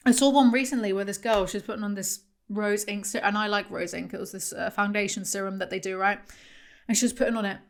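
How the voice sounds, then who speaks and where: A woman's voice: medium pitch, fairly even intonation, fast talker. Sarcastic young woman rambling. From southwest England. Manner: sarcastic, rambling, swears freely. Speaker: YouTuber. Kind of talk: comedic commentary vlog.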